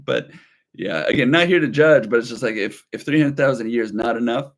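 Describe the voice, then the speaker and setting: A man's voice: medium pitch, fairly quick. Man, 30s, livestream co-host, rambling chatty delivery, reads chat aloud.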